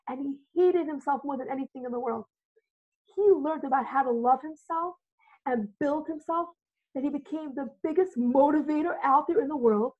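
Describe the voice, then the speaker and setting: A woman coaching on self-love, telling stories with excitement and acting out the people she quotes. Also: high voice. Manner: excited, animated, acts out quoted dialogue. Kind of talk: enthusiastic motivational storytelling. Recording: phone-like narrow audio.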